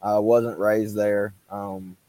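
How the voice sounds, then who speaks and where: A man's voice: on the low side, little pitch movement, slow, mellow, rough recording. A man with an Arkansas Southern accent, a guest talking in an easygoing, folksy way. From Arkansas, USA. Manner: easygoing, folksy, laughs easily. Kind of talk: casual interview chat.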